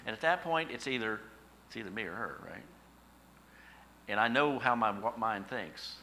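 A middle-aged male pastor preaching a sermon, telling stories with emphatic, animated repetition. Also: lowish voice, normal speed, creaky, pauses often, slight background noise, low-quality recording.

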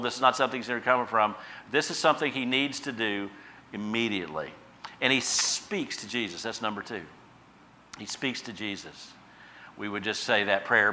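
A man preaching a sermon as pastor, swinging from quiet asides to loud emphatic bursts. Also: fairly low pitch.

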